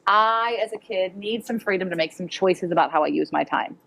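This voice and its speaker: A woman's voice: medium pitch, fairly quick, gravelly, a bit bright, poor audio. A middle-aged woman speaking at a parenting conference in a mid-range voice. She is direct and chatty and often drops in an easy "like.". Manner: direct, conversational, uses fillers like "like". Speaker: educator presenter. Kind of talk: conference talk to parents and teachers. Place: conference hall.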